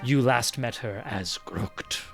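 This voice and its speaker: A man's voice: mid-range voice, slow, over music. A man running a tabletop game as game master, narrating scenes at length with frequent ums and uhs.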